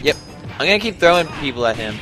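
A man with a slightly high voice trading dry one-liners and puns while playing a game, his pitch swinging widely from line to line. Game music runs behind him throughout. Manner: quick deadpan quips and wordplay. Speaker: let's play co-host. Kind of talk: casual gaming commentary.

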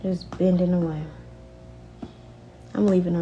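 A woman's voice: lowish voice, moderate pace, a little mellow. A young woman talking frustrated to her viewers in a casual vlog. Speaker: vlogger.

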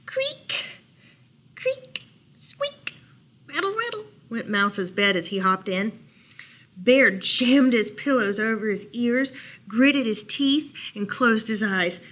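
A woman reads a bedtime picture book aloud as a library storyteller. Her pace is very slow and unhurried, and her tone is gentle. She drops in playful asides between the lines. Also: mid-range voice.

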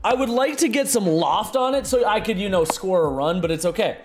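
A young man giving excitable live commentary on his own video game play, muttering one moment and shouting the next. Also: high-pitched, a little fast, faint music behind. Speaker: gaming streamer.

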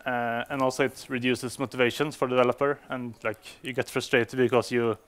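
Man doing a dev conference talk, smooth clear voice, lots of ums and restarts. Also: mid-range voice, flat delivery, fairly quick, fairly bright tone. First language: Swedish. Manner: hesitant, many fillers and restarts. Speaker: conference speaker.

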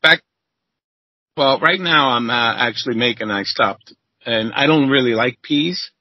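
A husky-voiced man spins loose, swear-heavy kitchen yarns, jumping up high whenever he mimics someone. The sound is dry and close, with a dull, lo-fi edge like a remote call. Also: unhurried, no echo. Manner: profane, animated, acts out quotes in a high voice. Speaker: interview guest, former chef. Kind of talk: casual storytelling.

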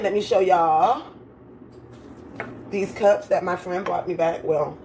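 A woman vlogging casually from her patio and home, chatty and quick to laugh at her own jokes, her voice slightly rough. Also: lowish voice, warm tone, slight background noise. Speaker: lifestyle vlogger. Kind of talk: casual vlog chat to viewers. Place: home patio then indoors.

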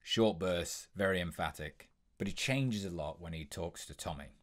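A young man hosting a tutorial, explaining voice impressions in a brisk, instructive way with the odd um. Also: sits low. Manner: brisk, instructive, with frequent ums.

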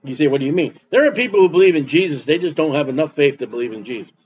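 A man's voice: on the high side, lively intonation, rapid-fire, darkish tone, lo-fi sound, a little hiss or hum. A man preaching a sermon as pastor, emphatic and repeating his points for stress.

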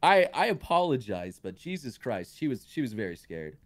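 A man's voice: medium pitch, big pitch swings, brisk, dry recording. A man on a voice call telling a story in a rambling, hesitant way. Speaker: guest in a group chat. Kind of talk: casual group chat.

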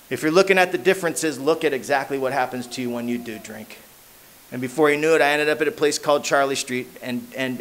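A Southern Californian man recounts his recovery at an AA meeting in street slang, leaning on "man" and "you know what I mean." He voices the characters in his story, jumping widely in pitch and loudness as he does.

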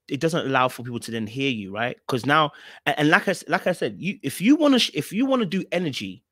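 A man's voice: fairly bright tone, dry recording, studio quality. A male host commenting on a clip, talking straight to his chat and repeating his points. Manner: repeats phrases, talks to chat directly; mocks others in high exaggerated voices. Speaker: podcast host reacting to a clip. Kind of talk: live-stream commentary.

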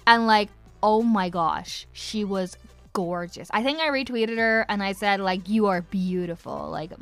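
A woman's voice: medium pitch, fairly bright tone. A young woman from Northern Ireland with an Irish-transatlantic accent, chatting giggly and effusively as a voice actress answering fan questions. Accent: Irish-transatlantic mix. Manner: giggly, effusive, rambling with many fillers. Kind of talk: casual livestream Q&A.

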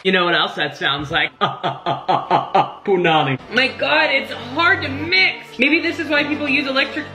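A young adult creator doing sassy, profane comedic rants to the camera with dramatic outbursts. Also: male voice, very high voice, expressive, measured pace, pushed and bright, faint music behind. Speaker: TikTok creator.

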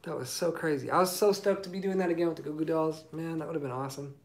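Relaxed man chatting on a livestream. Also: on the high side, fast. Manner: relaxed, rambling, with many ums and asides. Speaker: singer-songwriter hosting a livestream. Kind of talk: casual livestream chat reading comments. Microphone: phone mic.

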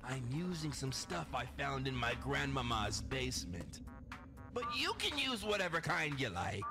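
A man voicing a deranged male TV cooking show host who gives absurd recipes in a slow, deadpan instructional manner. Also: medium pitch, vocal fry. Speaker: in-game cooking show character. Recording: game audio over loud music.

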